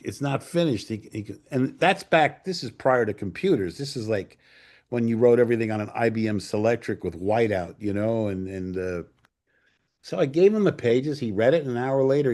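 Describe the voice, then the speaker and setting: Low-voiced profane storyteller man. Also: a little mellow. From Port Chester, New York. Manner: salty, profane anecdotes acting out others' lines. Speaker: guest filmmaker. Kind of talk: casual storytelling interview.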